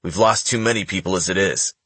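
Male reader voicing a grave young crime-clan boss, low and husky, audiobook. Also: brisk, a bit bright, dry recording. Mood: grave, stern. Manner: firm, somber.

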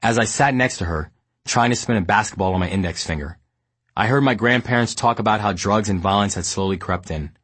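Low, husky-voiced man reading a memoir. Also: dry recording. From New York, United States. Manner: measured, steady storytelling. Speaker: memoir narrator. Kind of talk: audiobook memoir narration.

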